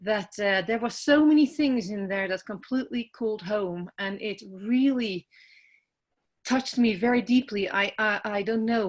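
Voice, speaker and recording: A Dutch-accented woman speaks softly and haltingly over a video call, pausing on many ums. She sounds tearful and emotional, her voice sitting at an ordinary middle pitch for a woman. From Netherlands. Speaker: team member on a group call. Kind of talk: casual self-introduction on a video call.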